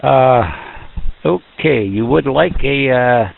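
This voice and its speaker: A man's voice: medium pitch, vocal fry, narrow, tinny audio. A man running an amateur radio net, chatting in a folksy, joking way over a radio transmission. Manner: folksy, joking, slow and drawn out. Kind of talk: casual radio net chat.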